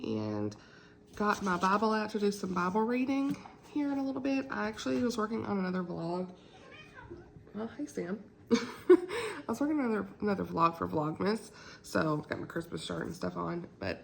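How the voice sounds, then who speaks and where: A woman's voice: gravelly, a little hiss or hum, rough recording. A woman, chatting casually and rambling about books in a book vlog from home, laughing often. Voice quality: deep morning voice. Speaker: book vlogger. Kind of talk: casual chat.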